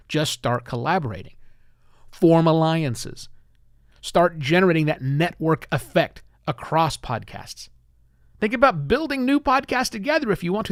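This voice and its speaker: Upbeat guy doing his solo podcast live, kinda high voice, dry mic, chats away with little asides. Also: no room sound. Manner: lively, chatty, self-deprecating asides. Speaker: podcast host.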